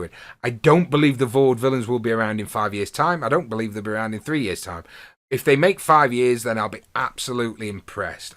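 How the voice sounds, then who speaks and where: A man's voice: medium pitch, a bit bright. A man hosting a podcast, rambling casually through a wrestling review and laughing as he retells the funny bits. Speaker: podcast host.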